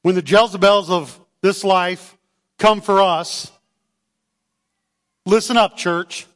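Pastor preaching slowly to a congregation; high, lively male voice in a reverberant sanctuary. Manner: animated, calls for amens, acts out voices. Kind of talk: sermon. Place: church sanctuary. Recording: long hall reverb.

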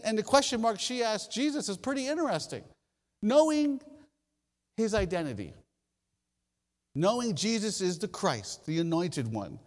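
Male pastor giving a sermon, swoops up and down a lot, long hall echo. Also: sits high. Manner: animated preaching with drawn-out pauses and dropped endings.

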